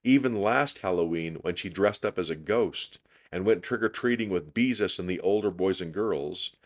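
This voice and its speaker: Deep-voiced guy reading a kids book aloud, expressive, measured. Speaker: storyteller. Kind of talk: children's book read-aloud.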